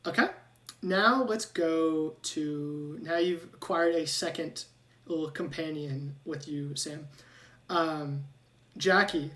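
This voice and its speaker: A woman's voice: deep voice, slow pace, fairly bright tone, far from the mic. A woman narrating a tabletop game as game master in a playful way.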